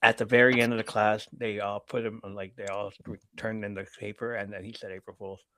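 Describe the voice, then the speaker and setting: A man's voice: on the low side, little pitch movement, brisk, bright, forceful tone, no room sound. A man hosting a live podcast, casually reading viewer messages aloud and laughing often. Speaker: podcast host reading chat. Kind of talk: casual live-stream chat.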